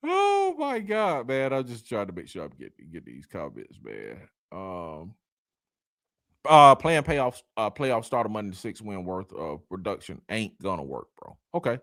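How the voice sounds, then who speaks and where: Animated man hosting a livestream. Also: low-pitched, normal speed, gravelly, no room sound, clean studio sound. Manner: lively, laughing, Southern slang like y'all and man. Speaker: live stream host reading comments. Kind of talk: casual sports talk livestream.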